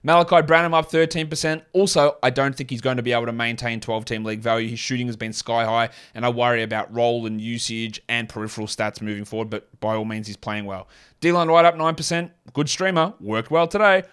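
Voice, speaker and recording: Steady, clear and resonant, his medium-pitched voice carries a little brightness and a non-American accent. As host of a fantasy basketball show, he chats through his picks on his own, opinionated and quick with asides, and works in an ad read.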